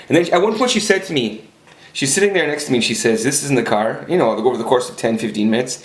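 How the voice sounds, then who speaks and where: A man's voice: medium pitch, expressive, quick pace. Blunt, profane man in echoey room. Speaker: vlogger. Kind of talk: casual storytelling monologue. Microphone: camera.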